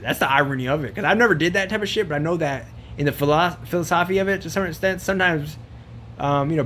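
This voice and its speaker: A man vlogging a loose, profanity-laced rant, circling back on himself with slang and filler. His voice sits a little high for a man, and a faint hum of ambient noise sits under it. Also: fairly bright tone. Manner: rambling, profane, slangy, says bro a lot. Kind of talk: casual rant to camera.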